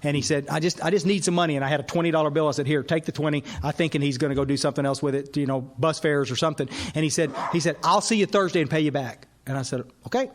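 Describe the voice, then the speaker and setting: Man speaking at a recovery workshop, lively storyteller who voices the people in his story, slightly high voice. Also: rapid-fire, few pauses. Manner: animated storyteller, acts out dialogue. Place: workshop hall.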